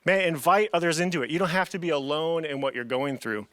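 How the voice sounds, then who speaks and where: A man's voice: a little high, fast, a bit bright, no room sound. A young man preaching a casual, earnest youth sermon, often saying "man" to his listeners. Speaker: youth pastor.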